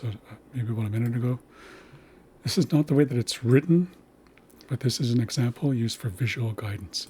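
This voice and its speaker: A man's voice: mid-range voice, darkish tone, a little hiss or hum. Patient man teaching language sounds. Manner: patient, slow demonstrations of sounds. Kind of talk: recorded language lesson.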